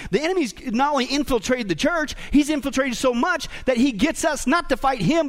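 A man's voice: very high voice, brisk, hardly any pauses. A man preaching a sermon, speaking directly to the congregation and often checking in with "right?" and "okay?". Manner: animated, talks to the congregation directly; frequent tag questions like "right?" and "okay?". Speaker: pastor. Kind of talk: sermon with a joke.

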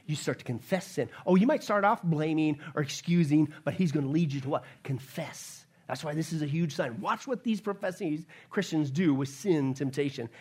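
A man preaching a sermon as pastor, emphatic, often asking the congregation questions and answering them himself. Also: fairly high pitch. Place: church sanctuary.

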